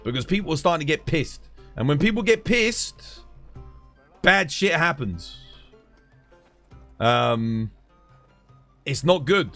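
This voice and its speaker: British male streamer, heated sweary rant, animated delivery, soft music behind. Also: fairly high pitch, takes it slowly, long pauses. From United Kingdom. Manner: heated, swears a lot, keeps saying "dude". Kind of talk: casual live-stream rant.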